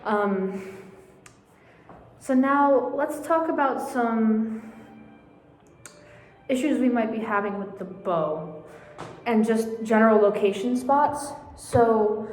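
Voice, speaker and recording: A woman with a fairly high voice coaches a viola section, speaking slowly with frequent pauses through a face mask and slightly out of breath. Her casual practice lesson is chatty and full of fillers as she counts beats aloud, recorded reverberantly in a large hall with slight background noise.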